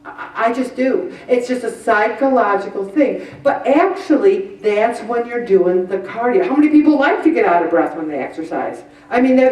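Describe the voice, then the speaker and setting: A woman leads a weight-loss group, chatty and animated, slipping into little voices now and then. Her voice sits a little high. She is heard from some way off the mic in a roomy, echoing meeting room. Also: moderate pace, few pauses. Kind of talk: group presentation. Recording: roomy echo from far off the mic.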